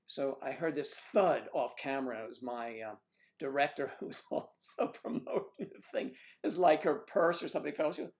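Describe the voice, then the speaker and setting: A man's voice: medium pitch, lively intonation, moderate pace, vocal fry, darkish tone. A man hosting a casual livestream, chatting and telling rambling stories. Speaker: livestream host.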